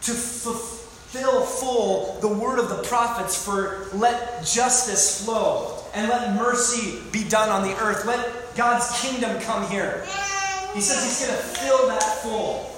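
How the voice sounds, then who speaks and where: Man, pastor, sermon, high voice, emphatic, heavy echo, long reverb. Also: slow pace, a bit bright. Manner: emphatic, repeats phrases, asks the congregation questions. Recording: very echoey hall, faint room noise.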